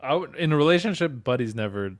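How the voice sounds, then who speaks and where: A man's voice: on the high side, lively intonation, fast talker. Laughing, rambling male podcast co-host. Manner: rambling, laughing often, swearing. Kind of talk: casual chat.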